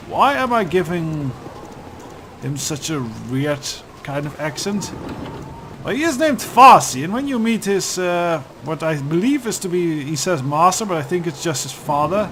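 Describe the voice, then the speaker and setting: Man, game commentary, joking, chatty, slightly high voice, faint room hum. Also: expressive, unhurried, fairly bright tone. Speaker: let's-play host.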